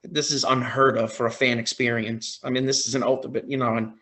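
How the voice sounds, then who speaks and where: Excited man telling a story. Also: medium pitch, a little fast. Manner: excited, retelling with quoted reactions. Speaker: podcast guest, impersonator. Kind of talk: casual storytelling.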